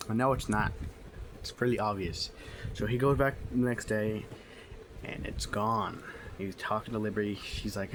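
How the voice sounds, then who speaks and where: A man's voice: fairly low pitch, steady tone, a little slow. A man giving a casual book review, retelling the plot in a rambling way with many fillers. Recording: noisy home recording.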